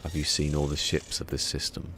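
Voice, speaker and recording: A man's voice: rumbling low, level tone, fairly quick, bright, forceful tone, a little hiss or hum. A man streaming a game live, rambling and muttering to himself as he plays. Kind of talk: casual live gameplay commentary.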